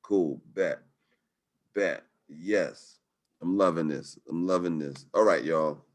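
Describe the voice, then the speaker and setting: A man's voice: deep voice, takes it slowly. Slangy, hyped-up male webinar host. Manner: hype, slangy, upbeat. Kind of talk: live webinar sales talk.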